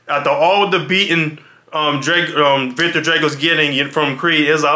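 A man's voice: fairly high pitch, brisk, bright, forceful tone. A man hosting a reaction video, talking casually and loosely, often repeating himself. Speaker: reaction channel host.

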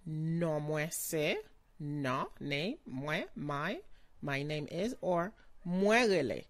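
Slow, low-voiced woman teaching words. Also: no room sound. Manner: slow, careful pronunciation with repetitions. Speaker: language teacher. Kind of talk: slow vocabulary lesson.

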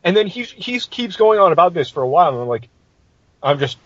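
A man's voice: high voice, big pitch swings, a little fast, fairly bright tone, no echo, muffled recording. A man hosting a podcast, telling a tabletop game story in a casual, profane and exasperated way.

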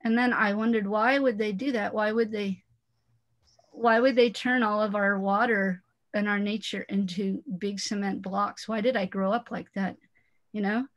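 A woman's voice: mid-range voice, steady tone, normal speed. A woman author from the Los Angeles area, chatting and laughing easily while introducing her book, speaking over a video call. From Los Angeles area, USA. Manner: chatty, laughs often, many "you know" fillers. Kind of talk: casual talk and reading at a book launch.

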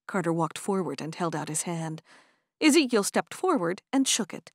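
In clean studio sound with no echo, a woman whose voice sits on the low side narrates a romance audiobook from a script. She keeps a moderate pace and tells the story expressively.

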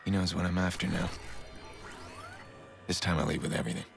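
Gravelly, grim vigilante hacker. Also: male voice, steady tone, brisk, faint music behind. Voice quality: low, gravelly and clipped. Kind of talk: video game voice acting.

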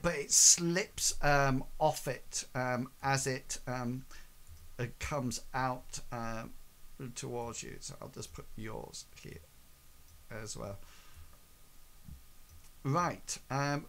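A man running a tabletop game as game master, narrating slowly and haltingly with many pauses and fillers. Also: mid-range voice, a bit bright. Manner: halting, many ums and hedges.

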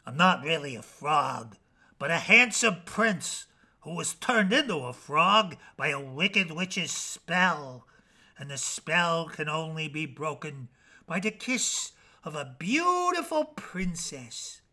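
A sly little storybook frog, played by a man talks in a sad, pathetic whine that sits lower than his usual voice. The tone is bright and sharp. He sounds pitiful on purpose. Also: sing-song, slow pace, exaggerated voice.

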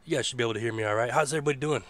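A man hosting a casual live internet radio show. His voice is hoarse, and he rambles in a laid-back way and swears freely. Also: medium pitch, racing, fairly bright tone. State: hoarse from a rough voice. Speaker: host.

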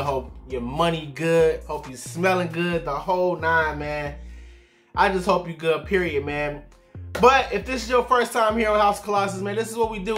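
A man's voice: on the high side, a bit bright. A man reviewing fragrances in a casual video, laid back and chatty, often tagging his lines with "man" and "y'all".

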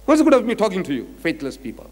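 A man's voice: high-pitched, wildly swooping pitch, very fast, darkish tone. Emphatic male lecturer in an echoey hall. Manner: emphatic and repetitive, citing scripture. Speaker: religious lecturer. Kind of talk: lively religious lecture.

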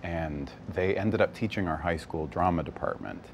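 A man from the West Coast, a stage actor, chatting as a guest in an easygoing, animated way, laughing often. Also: low voice, moderate pace, creaky, a little hiss or hum. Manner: animated, laughs often, slips into character voices briefly. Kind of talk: casual interview chat. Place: bar set.

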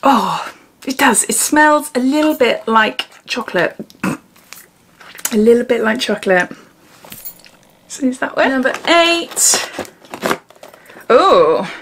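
A woman chatting casually as she unboxes and sniffs gins, giggling often and dropping into whispers. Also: fairly high pitch. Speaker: beauty vlogger.

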